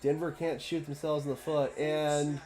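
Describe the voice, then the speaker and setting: A man's voice: fairly high pitch, level tone, moderate pace, darkish tone, soft background music. A man giving live play-by-play fan commentary on a football game, frustrated and ranting about his team's defense.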